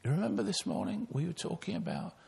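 Older male preacher, gravelly, fairly high voice; earnest storytelling sermon. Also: sing-song, quick pace, darkish tone.

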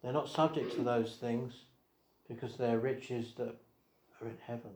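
A man preaching an evangelistic sermon, asking rhetorical questions and swinging between quiet asides and raised emphasis. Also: mid-range voice, fairly even intonation, measured pace, slight background noise. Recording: echoey hall.

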